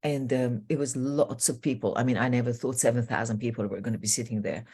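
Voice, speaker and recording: Woman, low voice, middle-aged, transformational coach, animated earnest storyteller. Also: fast, slightly rough. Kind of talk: interview guest telling stories.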